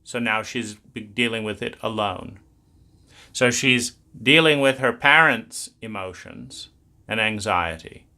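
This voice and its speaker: A man's voice: fairly low pitch, slow pace, bright, forceful tone. A man explaining trauma in a blunt, emphatic talk, swearing freely. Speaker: trauma educator.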